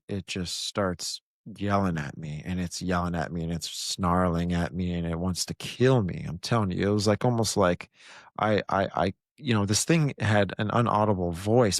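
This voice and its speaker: Intense low-voiced man retelling a nightmare. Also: no echo, clean studio sound. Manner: animated, intense retelling with many restarts and fillers. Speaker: podcast host. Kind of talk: casual storytelling.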